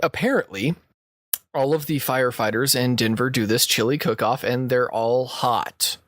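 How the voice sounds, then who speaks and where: A man's voice: mid-range voice, moderate pace, a bit bright, dry recording, clean studio sound. A man co-hosting a podcast, telling a work story in casual chat and laughing often as he goes. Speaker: podcast co-host.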